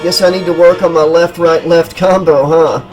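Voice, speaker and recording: A man's voice: fairly high pitch, fairly even intonation, moderate pace, over music, close to an everyday voice. A man doing a brash, joking young guy. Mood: cocky. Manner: cocky, teasing.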